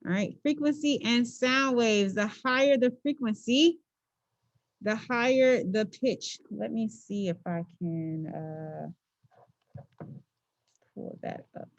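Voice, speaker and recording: A woman teacher talks through a physics lesson in a casual, joking way and keeps checking that her class is following. Her voice sits a little high. The sound is dry and close, with a slightly dull, lo-fi quality. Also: slow pace, no echo. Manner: chatty, playful, checks in with frequent "okay?". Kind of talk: classroom lecture.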